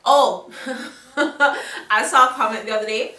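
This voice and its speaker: A woman's voice: on the high side, measured pace, pushed and bright. A young woman with a Jamaican accent gives frank, chatty advice to camera in a casual vlog, often checking in with "okay?". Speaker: vlogger. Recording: roomy echo, a little far from the mic.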